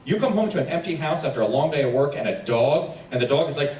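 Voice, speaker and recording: Male stand-up comic from New Jersey, animated crowd work, roomy distant theater recording with audience noise. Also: fairly high pitch. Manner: quick crowd work, animated voices for pets. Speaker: stand-up comedian. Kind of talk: stand-up comedy set. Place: theater stage before a packed house. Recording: echoey stage sound from far off, audience noise.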